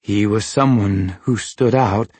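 A man voicing a timid bearded male metaphor creature who speaks in a husky, formal, old-fashioned way and begs. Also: on the low side, takes it slowly, a little mellow, dry recording. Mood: humble. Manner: archaic, pleading formal speech.

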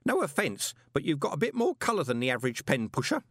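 A man's voice: fairly high pitch, huge pitch swings, fast, a bit bright, no room sound, studio quality, voice pushed up, exaggerated voice. A man voicing a fussy old male postal worker who babbles and quavers. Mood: babbling. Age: older.

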